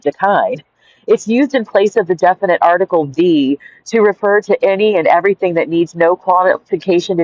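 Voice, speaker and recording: A woman's voice: lowish voice, a little mellow, no echo. Woman storyteller, digressive and chatty, lots of "like" and "right?", dry close mic, dull lo-fi sound. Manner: digressive, giggly, many "like" and "right?" fillers. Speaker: storyteller reading and commenting on her own anecdote. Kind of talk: casual reading with rambling asides. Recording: dull lo-fi home recording.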